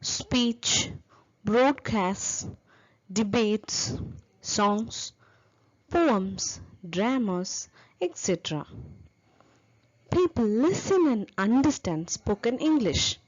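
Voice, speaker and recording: A woman's voice: a little high, expressive, very slow, long pauses, dull audio. A woman giving a lecture on teaching English, explaining step by step and spelling out example words.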